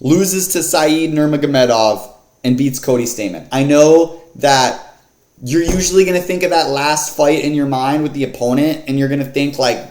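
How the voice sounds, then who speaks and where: A man's voice: a little high, moderate pace, a little mellow. A man casually breaking down an MMA fight card in slangy, filler-heavy talk. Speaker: MMA fight picks vlogger. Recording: echoey room.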